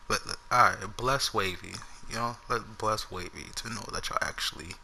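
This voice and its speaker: A man's voice: on the low side, moderate pace, vocal fry, bright, forceful tone, slight background noise, rough recording. A young man and YouTuber telling an unscripted story to his viewers in a loose, slangy, rambling way. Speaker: gaming YouTuber.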